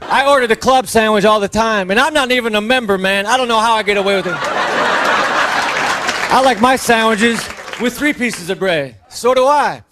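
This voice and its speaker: A man's voice: sits high, normal speed, a crowd in the background. A man performing a playful comic bit about sandwiches.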